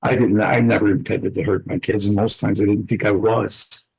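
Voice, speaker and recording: A man earnestly sharing a personal story in a group conversation, reflective and pausing to gather his words. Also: fairly low pitch, level tone, vocal fry, darkish tone, husky, rough recording.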